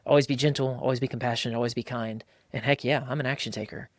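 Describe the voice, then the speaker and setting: Guy hosting a podcast, punchy and animated, average pitch, dry close sound. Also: fast, dry recording. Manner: emphatic and animated, acting out quotes in a higher voice. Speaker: podcast host. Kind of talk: casual podcast talk on faith and marriage.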